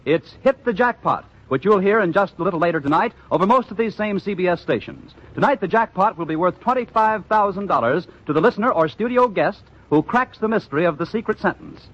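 A male radio announcer reading a scripted promotional announcement in a smooth, promotional delivery. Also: high voice, animated, a little fast, hardly any pauses, a bit bright. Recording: dull lo-fi old radio recording.

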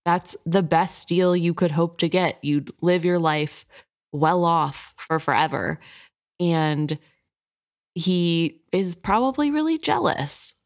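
A woman co-hosting a book podcast, chatting about the story in a lively, opinionated way. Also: fairly low pitch, takes it slowly. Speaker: podcast co-host.

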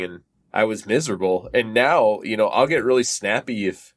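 Guest, male, easygoing talker, slightly low voice, casual podcast chat. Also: animated, normal speed. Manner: laid-back, chatty, laughs often. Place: on a train.

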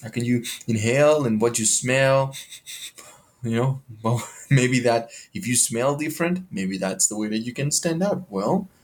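A man's voice: mid-range voice, a little slow. A man hosting a podcast, talking in a motivational monologue that is full of questions and casual swearing.

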